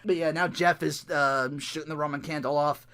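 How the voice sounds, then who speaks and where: A man's voice: fairly high pitch, steady tone, moderate pace, bright, forceful tone. A young man recapping a wrestling match in a casual, rambling way, swearing often, laughing a lot and trailing off mid-thought. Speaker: wrestling reaction vlogger.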